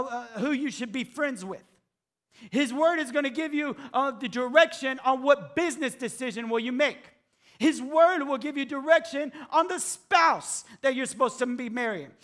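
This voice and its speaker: A male pastor preaching a sermon, acting out the voices of doubters, then dropping to hushed emphasis. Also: very high-pitched.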